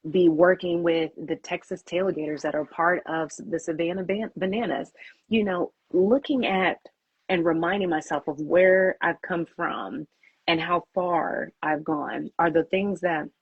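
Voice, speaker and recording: A woman's voice: lowish voice, breathy edge, dry recording, dull audio. A woman who founded a PR agency, answering interview questions with candid storytelling and acting out her own inner thoughts.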